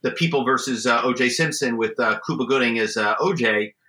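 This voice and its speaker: Bright-voiced middle-aged man telling stories. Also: mid-range voice, a little fast, echoey room, low-quality recording. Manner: animated anecdotes with frequent restarts and imitated voices. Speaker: guest, former corporate spy and author. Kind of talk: conversational storytelling interview.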